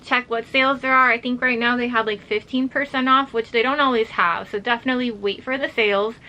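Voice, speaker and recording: A young woman chatting excitedly through an unboxing vlog, a little out of breath and full of "like". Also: a little high, a little fast, highs cut off. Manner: excited, chatty, heavy use of "like". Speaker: vlogger.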